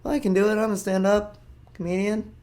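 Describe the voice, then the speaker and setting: A brash male stand-up comic, as a man puts him on for a joke, boasting in a loud, exaggerated way. The voice sits well above his natural pitch. It sounds like a mocking send-up. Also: level tone, a little fast, natural voice. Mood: boastful.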